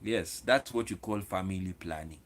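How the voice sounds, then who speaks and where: A man's voice: deep voice, moderate pace. Man lecturing viewers in a monologue. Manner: lecturing, with repeated words and restarts; addresses viewers directly. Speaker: video host. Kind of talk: opinionated solo monologue.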